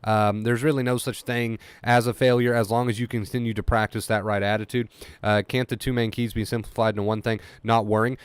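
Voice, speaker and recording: A man's voice: lowish voice, flat delivery, a little fast, clear, resonant tone, no room sound. A man coaching a live-stream chat on anxiety recovery, talking emphatically and repeating rhetorical questions.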